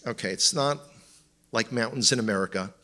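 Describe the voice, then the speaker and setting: A man's voice: lowish voice, fairly quick, sharp tone. A man with an Israeli accent, a tour guide giving a humorous teaching talk with slides to a congregation, full of wry jokes and asides to the audience. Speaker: tour guide and guest speaker. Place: church congregation in front of an audience.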